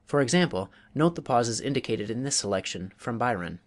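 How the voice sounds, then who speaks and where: A man reading a public speaking manual aloud as an audiobook, in a measured, deliberate way with pauses. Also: medium pitch, lively intonation. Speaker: audiobook reader.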